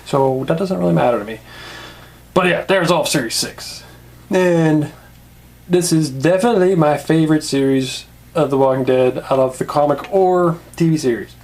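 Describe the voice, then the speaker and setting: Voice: medium pitch, moderate pace, darkish tone. A casual toy reviewer who rants, swears and laughs often.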